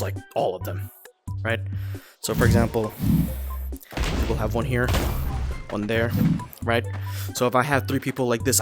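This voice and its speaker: A man casually explaining moves while playing a game, a bit out of breath, chatty and quick to laugh. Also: mid-range voice. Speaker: VR gameplay creator. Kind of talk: casual gameplay tutorial.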